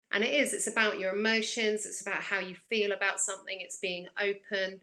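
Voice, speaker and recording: A woman's voice: mid-range voice, little pitch movement, a little fast, hardly any pauses, pushed and bright, low-quality recording. A woman working as an intuitive coach, talking reflectively on a spiritual chat show and posing questions to listeners. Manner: reflective, asks questions back. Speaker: intuitive coach and guest reader. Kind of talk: casual chat.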